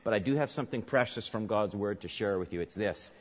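A male pastor preaching a sermon, swinging from soft, low murmurs to loud, emphatic peaks. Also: fast. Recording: dull sound with long hall reverb.

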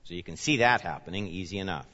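A man pastor preaching a sermon, with animated emphasis that rises and falls as he explains scripture. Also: sits low, quick pace. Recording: reverberant hall, dull lo-fi sound.

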